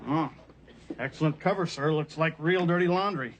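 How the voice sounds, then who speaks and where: A wry young police officer played by a man in a studio sitcom. He speaks deferentially in a slightly high voice. Audience laughter comes through clearly behind him. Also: moderate pace, slight background noise, lightly acted. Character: eager young male officer in drag. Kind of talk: 1980s sitcom acting.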